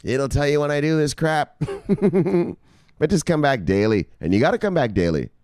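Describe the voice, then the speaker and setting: A man hosting a casual crypto vlog, talking loosely and with profanity, shouting "bang" as a catchphrase. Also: fairly high pitch, big pitch swings, normal speed, no room sound, studio quality. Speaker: crypto news host. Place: home studio in South Beach.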